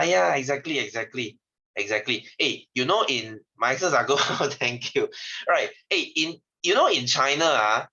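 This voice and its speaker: A man's voice: medium pitch, sharp tone. Chatty Malaysian man tutoring science. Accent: Malaysian English. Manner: chatty, rambling, laughs often. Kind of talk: casual online lesson. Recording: slightly dull lo-fi audio.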